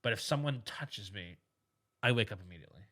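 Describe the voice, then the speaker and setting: A man's voice: lowish voice, animated, fairly quick, fairly bright tone. A man co-hosting a comedy podcast in casual chat. He rambles, stammers and repeats himself while he builds absurd scenarios. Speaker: podcast co-host.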